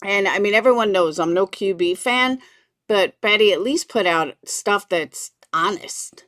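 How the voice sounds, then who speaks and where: A woman's voice: medium pitch, unhurried, a bit bright, dry recording, clean studio sound. A woman hosting a casual live stream from her computer, chatting with viewers and greeting them by name. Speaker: livestream commentary host.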